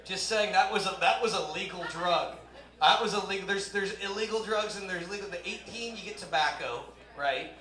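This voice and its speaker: A male stand-up comedian with a high, bright, forceful voice rambles through a loose, self-deprecating set. He talks into a handheld mic on a club stage, and the room's echo rings around him. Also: normal speed. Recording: roomy live club sound.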